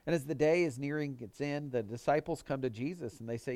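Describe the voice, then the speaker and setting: A male pastor preaching a sermon in an earnest manner, pushing his voice up for emphasis and dropping it low on quoted words. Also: fairly quick, a little mellow, no room sound.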